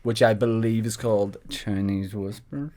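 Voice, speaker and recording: A man's voice: on the low side, moderate pace, a little mellow. A man co-hosting a comedy podcast, teasing his partner and often laughing. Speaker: podcast co-host. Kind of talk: casual comedic chat.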